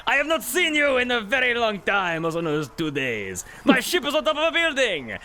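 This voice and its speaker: A man's voice: very high-pitched, huge pitch swings, a little fast, sharp tone, voice pushed up, full character voice. A man voicing a formal, polite male ship captain. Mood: stiffly polite.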